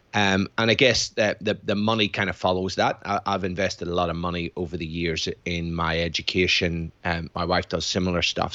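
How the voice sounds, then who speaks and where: Guest: middle-aged Belfast man, lowish voice, rambling chatty delivery, dry lo-fi recording. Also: a bit bright, no room sound. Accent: Northern Irish, Belfast. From Northern Ireland. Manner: rambling, repeats words when starting sentences. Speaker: guest, physiologist and former military aviator. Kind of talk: casual interview chat. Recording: dry, dull lo-fi sound.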